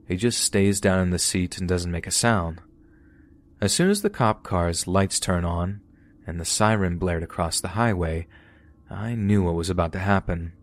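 A man narrating a true horror story for a podcast in a steady, storytelling manner. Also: sits low.

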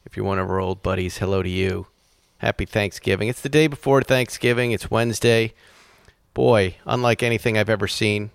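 A man hosts a casual podcast, rambling along in a smooth, resonant voice and laughing often. The sound is dry and close to the mic. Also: lowish voice, fairly even intonation, brisk, no room sound. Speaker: podcast host. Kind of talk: casual chat.

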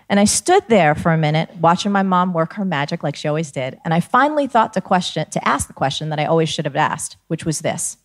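A middle-aged woman from New Jersey telling a personal story as a guest, animated and acting out quoted lines. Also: low-pitched, fairly quick, few pauses. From New Jersey, USA. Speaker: guest speaker. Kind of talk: storytelling talk.

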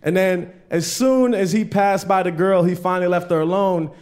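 Stand-up comic, slightly high voice. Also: male voice, normal speed, darkish tone. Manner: loose storytelling, swears, acts out friends. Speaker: stand-up comedian. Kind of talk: stand-up set. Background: audience laughter.

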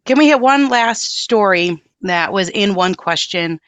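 Podcast host, woman, mid pitch, enthusiastic and affirming. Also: expressive, measured pace, a bit bright, dry recording. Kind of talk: podcast interview.

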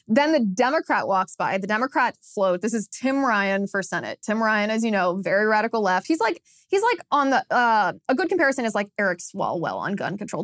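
A woman in her thirties hosts a political talk podcast, her voice sitting a little high. She tells stories chattily, laughing often and restarting sentences. The sound is dry and close, with no room around it. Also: no room sound. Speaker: podcast host. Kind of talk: political commentary monologue.

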